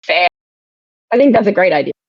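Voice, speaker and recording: An Australian woman with a lowish voice, talking on a podcast in a measured, explaining way. Her mic sounds dry and somewhat dull. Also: big pitch swings, no room sound. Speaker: podcast co-host. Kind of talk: casual chat.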